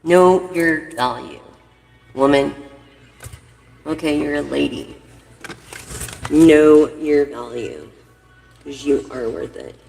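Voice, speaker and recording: Woman, tarot reader, gravelly voice, blunt and rambling, long reverb. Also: low voice, expressive, slow, pauses often, darkish tone, faint music behind. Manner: blunt, profane, rambling advice. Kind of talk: casual reading addressed to viewers.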